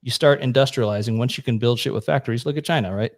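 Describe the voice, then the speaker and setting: Male co-host, mid-pitched, blunt and profane, long casual explanations, dry close sound. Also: fast, no room sound. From United States. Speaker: podcast co-host. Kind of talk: casual chat.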